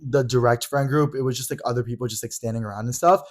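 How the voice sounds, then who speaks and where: A young man co-hosting a podcast, talking quickly in casual chat with lots of fillers and playful mock drama. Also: medium pitch, steady tone, a little mellow. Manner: fast, chatty, filler-heavy, mock-dramatic. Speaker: podcast co-host. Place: Los Angeles.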